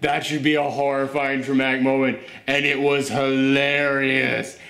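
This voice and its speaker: A man's voice: medium pitch, little pitch movement, a little slow, creaky, fairly bright tone. A man hosting a casual TV review who jokes and acts out scenes in little voices as he talks. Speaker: review show host. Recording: roomy echo.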